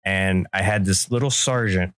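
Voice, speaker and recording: Low-voiced man telling a story, dry. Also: moderate pace, a bit bright, smooth, no room sound. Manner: loose, profane, acts out quoted lines. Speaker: podcast co-host. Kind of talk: casual storytelling.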